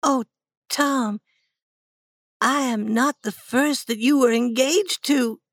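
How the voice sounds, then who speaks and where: A woman voicing a shy young schoolgirl in a storybook reading, soft-spoken and hesitant. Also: lowish voice, very animated, takes it slowly, no echo, heavily acted. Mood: hurt. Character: shy young schoolgirl, tender and easily hurt.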